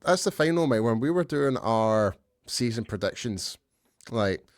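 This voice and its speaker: A man chats loosely on a sports podcast and pokes fun at his own slips. His voice sits at an ordinary middle pitch. The sound is close and dry. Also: lively intonation, unhurried, no echo. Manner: chatty, loose, self-deprecating. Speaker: podcast co-host. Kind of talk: casual sports chat.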